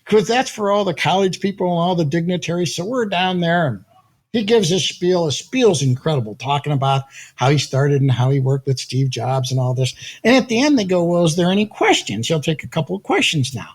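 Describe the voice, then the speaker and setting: An older man, a guest in an interview, telling animated stories with a slightly husky voice, acting out quotes and laughing often. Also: on the high side, a little fast. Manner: lively anecdotes, acts out quotes, laughs often. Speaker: guest, audio company founder. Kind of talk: animated storytelling in conversation.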